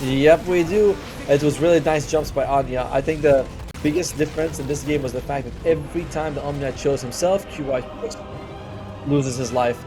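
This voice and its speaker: A man offers casual color commentary and analysis on an esports match, chatting and thinking out loud with fillers and quick exclamations. His pitch is fairly high, and he speaks over music.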